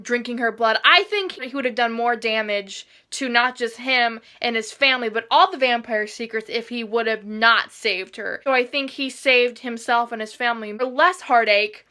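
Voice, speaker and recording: Bright high-voiced gushing young woman. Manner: gushing, swears, jumps to shrieks. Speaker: book vlogger. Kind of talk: excited reading reaction.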